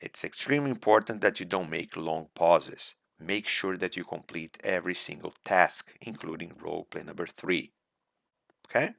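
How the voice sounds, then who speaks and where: A low-voiced man with a gravelly edge teaches students for a speaking exam, recorded close in a dry room. He talks deliberately, repeating his main points as he coaches. English is not his first language. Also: fairly bright tone, no echo. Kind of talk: recorded slideshow lecture.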